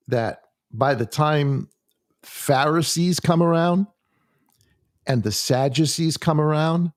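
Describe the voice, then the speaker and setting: A man leading a conversational Bible study in a church, halting and full of restarts as he reads scripture aloud. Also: a little high, no room sound, clean studio sound. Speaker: Bible teacher.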